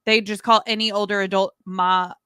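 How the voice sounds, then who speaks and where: A young woman co-hosting a casual podcast, curious and quick with short reactions. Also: medium pitch, flat delivery, sharp tone, clear, resonant tone, no room sound. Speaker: podcast co-host.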